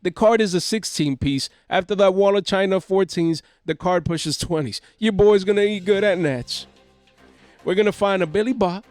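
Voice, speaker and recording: Hype host, man, slangy and excitable, a bit higher voice, faint music bed. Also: moderate pace, no echo. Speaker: card market channel host. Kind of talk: hyped market commentary. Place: home.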